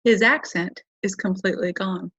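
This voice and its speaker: A woman's voice: medium pitch, steady tone, moderate pace, fairly bright tone, breathy edge, no room sound. A middle-aged woman host telling a personal story in a casual, rambling way, often correcting herself as she goes. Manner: rambling, self-correcting, chatty. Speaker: podcast host. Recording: dull lo-fi dry recording.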